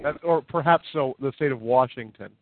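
A man's voice: mid-range voice, a little fast, dry recording. A man hosting a radio call-in, teasing the caller in casual banter. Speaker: radio host. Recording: tinny band-limited sound, dry.

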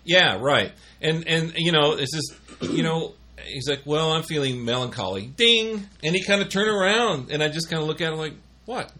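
A man's voice: a little high, brisk, background noise. A middle-aged man casually telling rambling office stories, full of fillers and restarts. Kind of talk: casual storytelling chat.

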